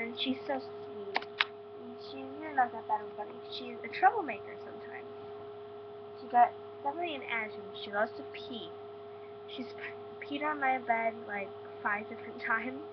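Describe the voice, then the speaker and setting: A woman's voice: fairly high pitch, moderate pace. A teenage girl with a stuffy nose from being sick, chatting at home in a casual vlog full of likes and ums. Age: teens. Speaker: vlogger. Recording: dull lo-fi webcam with hum.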